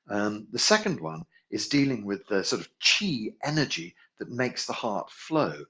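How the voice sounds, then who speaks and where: A man's voice: on the low side, a bit bright. A man teaching a healing class, musing aloud, correcting himself and chuckling as he goes. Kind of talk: relaxed spoken class instruction. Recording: dull lo-fi recording.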